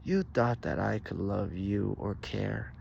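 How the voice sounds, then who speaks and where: A man's voice: on the low side, fairly even intonation, creaky, dull audio, exaggerated voice. A man putting on a gloating cruel witch. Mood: taunting. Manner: loud, drawn-out triumphant taunting. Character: gloating cackling witch woman who turns cruel. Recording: noisy background.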